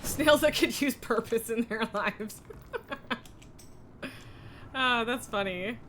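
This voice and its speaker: Woman streamer, unhurried, dry tickly throat, clear hiss of noise behind her. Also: on the high side, fairly bright tone. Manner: self-mocking, chatty, laughs often. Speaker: live streamer. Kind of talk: casual live-stream chat while gaming.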